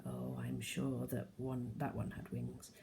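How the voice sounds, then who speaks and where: A woman's voice: deep voice, moderate pace, creaky, dark tone, a little hiss or hum. A woman reading aloud, voicing an upset, tired mother in a storybook reading. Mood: tender. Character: worn-out mother, tearful and upset.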